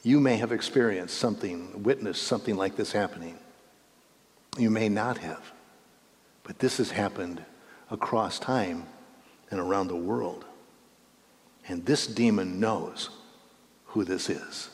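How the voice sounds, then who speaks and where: A man's voice: lowish voice, a little slow, long pauses. Man preaching in an echoing hall. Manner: emphatic, rising on key words, repeats and corrects phrases. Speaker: preacher teaching a Bible lesson. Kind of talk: sermon-style Bible teaching. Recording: echoey hall reverb.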